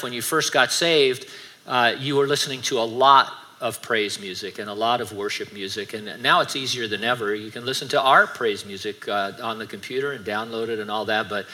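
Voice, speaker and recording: A man's voice: mid-range voice, bright, forceful tone. A middle-aged male pastor preaching a sermon in a conversational way, with joking asides between stretches of scripture teaching.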